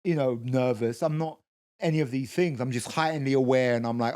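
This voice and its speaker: A podcast co-host spins a long story in casual chat, restarting often, quoting other people's voices, and swearing. He speaks fairly quickly at a medium pitch with a darkish tone.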